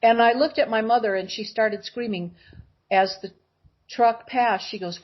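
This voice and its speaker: Speaking at a normal speed in a slightly high voice, a woman guest animatedly recounts personal stories, imitating the people involved. The recording is lo-fi.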